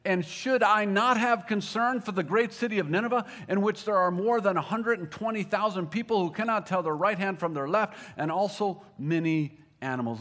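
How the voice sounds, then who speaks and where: A man preaching a sermon, moving between emphatic repetition and quiet, intense asides. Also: high-pitched, normal speed, hardly any pauses. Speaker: pastor.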